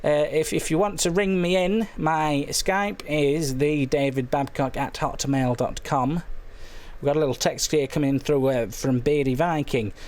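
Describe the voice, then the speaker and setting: A man hosting a comic late-night phone-in stream, rambling in a silly, deadpan way, his voice a little hoarse. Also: fairly high pitch, a little slow. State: slightly hoarse. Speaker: phone-in show host.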